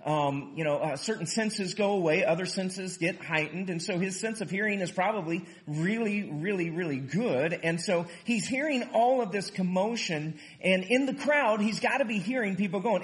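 A man preaching a sermon in an animated way, casually explaining a Bible passage and acting out the quotes. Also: sits high, normal speed, hardly any pauses. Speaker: pastor.

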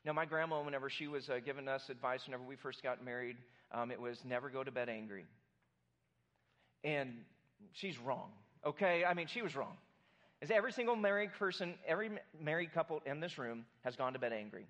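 Higher-voiced man preaching a sermon. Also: expressive, fast talker, a bit bright. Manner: conversational, joking asides to the room. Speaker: pastor. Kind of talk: sermon to a congregation.

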